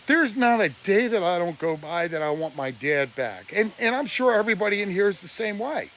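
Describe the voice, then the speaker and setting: A man's voice: sits high, big pitch swings, a little fast, fairly bright tone. A man ranting on a live stream, preachy and blunt, his voice close to breaking with emotion. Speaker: livestreamer.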